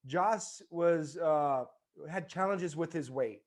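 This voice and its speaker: A man's voice: a little high, slow pace. A man in his forties telling a story in casual conversation as a podcast guest, animatedly acting out the voices of people in it. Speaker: podcast guest, former baseball player.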